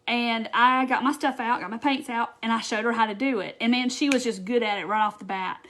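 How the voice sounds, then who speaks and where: A chatty woman, talking to her viewers on a casual craft live stream. Her voice sits a little high, and she keeps things bubbly and loose, full of "um"s and quick asides. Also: steady tone, fairly bright tone, slight background noise. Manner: chatty and bubbly, with frequent fillers and quoted asides.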